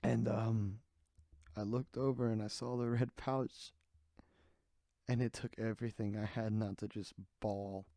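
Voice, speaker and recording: Casting note: male podcast host, low voice, dry close mic, tired and candid. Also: little pitch movement, unhurried, vocal fry, warm tone, no echo. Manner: rambling, candid, jokey. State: sleepy, yawning. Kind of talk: casual solo podcast chat.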